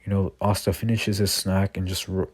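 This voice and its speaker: A man with a very low, monotone voice improvises a fan story. He rambles and restarts, leaning on filler words. The sound is dry and close. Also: moderate pace, breathy edge, no room sound.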